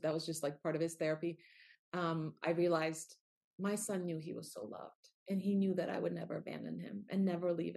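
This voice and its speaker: A woman's voice: on the low side, a little mellow. A middle-aged woman speaking as a guest in an interview, talking earnestly and from the heart. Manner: earnest, heartfelt, with quoted asides. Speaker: author and guest. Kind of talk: candid interview conversation.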